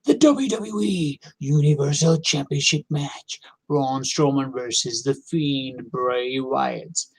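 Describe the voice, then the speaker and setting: A man's voice: mid-range voice, slow, husky. A tired man giving a rambling, opinionated casual recap as host, full of fillers and restarts.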